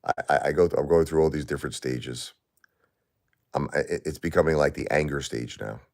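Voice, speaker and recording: A middle-aged man live-streaming while grieving, talking to his chat in halting, repetitive, emotional bursts. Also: very deep voice, a little mellow.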